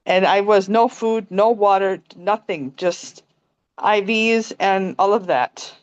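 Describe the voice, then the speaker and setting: A young woman talks calmly and softly on a video call, laughing easily between thoughts. Her voice is smooth and clear, of middle pitch. The call audio is dry and a little dull. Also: takes it slowly, dry recording. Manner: calm, soft-spoken, laughs often. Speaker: meditation group participant. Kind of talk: casual personal sharing on a video call.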